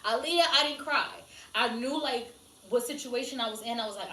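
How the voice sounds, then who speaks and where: A woman in casual chat, spinning animated stories and swearing freely. Her voice is bright and sits a little high. She sounds set back from the mic in an echoey room. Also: normal speed, recorded from a distance. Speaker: podcast co-host.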